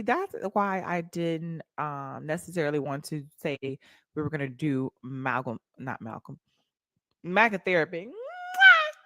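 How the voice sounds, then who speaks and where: A woman's voice: low voice, no echo, studio quality. A young woman with an African American Vernacular English accent, hosting a casual livestream and talking back to her chat in a sassy way. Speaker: livestream host.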